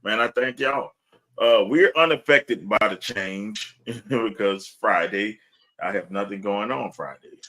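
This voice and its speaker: A man's voice: on the low side, a little slow, bright, forceful tone. Laid-back joking man hosting a podcast. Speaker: podcast host. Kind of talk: casual sports podcast chat.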